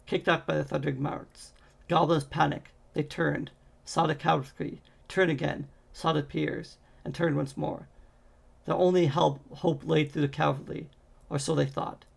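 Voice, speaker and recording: A man reading a fantasy novel aloud in a steady way, with occasional slips and restarts. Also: fairly high pitch, normal speed, vocal fry, breathy edge. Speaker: audiobook reader.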